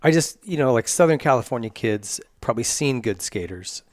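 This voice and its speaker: A man's voice: mid-range voice, lively intonation, fairly quick, no echo, clean studio sound. Easygoing man hosting a podcast. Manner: easygoing questions with fillers. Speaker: podcast host. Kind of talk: casual interview chat.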